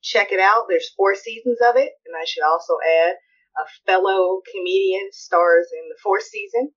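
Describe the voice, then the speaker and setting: A woman co-hosting a podcast, talking things over slowly and thoughtfully, pausing to find her words. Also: mid-range voice. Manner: unhurried, thoughtful, halting. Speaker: podcast co-host. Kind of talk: casual chat. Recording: muffled lo-fi audio.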